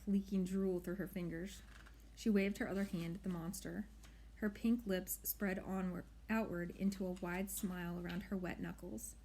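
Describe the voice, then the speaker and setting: Mellow-voiced woman reading a story. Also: mid-range voice. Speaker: narrator. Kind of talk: audiobook reading.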